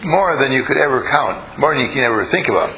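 Man, gravelly voice, bright tone, teaching a group, asks questions, tells stories. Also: medium pitch, animated, fast, slight background noise, rough recording. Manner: questioning, coaxing the audience; storytelling. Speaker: group leader teaching a class. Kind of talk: interactive talk to a live group.

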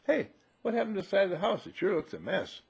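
A man's voice: high voice, fast talker, creaky, slightly rough, pitched above the performer's own voice, full character voice. A man voicing a patient mother who coaxes her son kindly. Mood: gentle. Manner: calm, kindly coaxing.

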